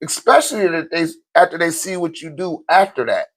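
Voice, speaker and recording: A man with a notably high voice delivers an unscripted sermon-like monologue. He talks bluntly, swears freely and breaks into short laughs as he drives each point home to his viewers. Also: expressive, brisk. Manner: addresses listeners directly with slang. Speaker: host of a spiritual talk channel.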